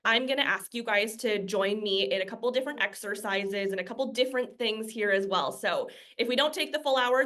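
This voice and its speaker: A woman's voice: medium pitch, fairly bright tone. A woman giving an interactive presentation as guest speaker over a video call, upbeat and inviting participation.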